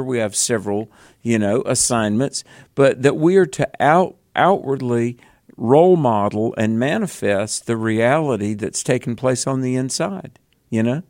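Southern male co-host, Bible teacher, earnest with emphatic bursts, mid pitch, dry studio sound. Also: darkish tone, dry recording. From American South.

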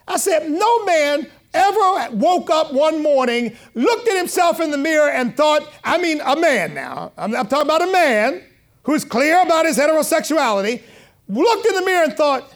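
High-voiced man preaching a sermon. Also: moderate pace. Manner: conversational preaching with call-and-response amens; animated, rising loud when quoting. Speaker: pastor.

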